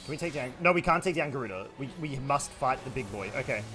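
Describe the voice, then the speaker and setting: An energetic Australian man chatting and joking while streaming a game. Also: mid-range voice, fast talker, over music. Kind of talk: casual gaming livestream chat.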